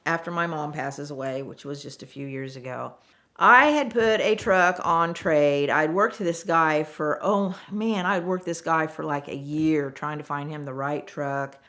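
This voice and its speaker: Low-voiced woman, middle-aged, former car saleswoman, animated storyteller. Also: measured pace. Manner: animated, acts out quoted voices, frank and chatty. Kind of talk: casual storytelling interview.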